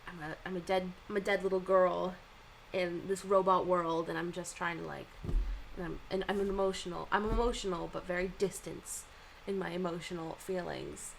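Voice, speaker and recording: A woman's voice: fairly low pitch, normal speed, creaky, slight background noise, poor audio. A young woman chatting casually as she reacts to things and reads manga, chatty and full of fillers. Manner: animated, chatty, lots of likes and ums. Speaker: streamer reading manga and reacting. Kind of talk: casual chat.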